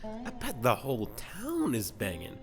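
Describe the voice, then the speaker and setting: A man voicing a sheltered young prince who talks in loud, profane, panicky slang. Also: mid-range voice, wildly swooping pitch, a little slow, faint music behind. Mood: freaked out.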